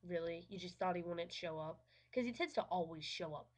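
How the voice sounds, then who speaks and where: Here a woman with a lower voice reviews a film at a fairly quick clip, keeping it casual and sarcastic. Profanity comes easily to her, and nearly every sentence has a "like" in it.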